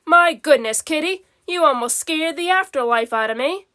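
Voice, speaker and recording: A plump, fussy male ghost from a storybook, as a woman reads him. His voice is high and bright, and he talks in a prim way. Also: lively intonation, moderate pace.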